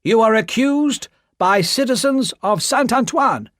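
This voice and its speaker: A woman voicing a rough, blunt revolutionary man who speaks loudly and sternly in a read-aloud story. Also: very high-pitched, lively intonation, measured pace, no room sound, studio quality, voice pushed up, exaggerated voice. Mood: commanding.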